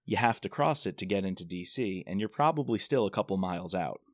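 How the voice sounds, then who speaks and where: Low-voiced man retelling a thriller plot. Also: quick pace, no echo, clean studio sound. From Washington DC area. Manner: animated retelling, acts out characters' lines. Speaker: podcast co-host discussing a novel. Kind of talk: casual chat.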